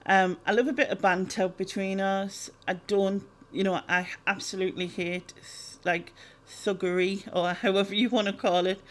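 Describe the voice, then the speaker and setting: A woman, chatting casually through a Q&A vlog, rambling with lots of ums and laughs. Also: medium pitch. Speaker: YouTuber answering viewer questions.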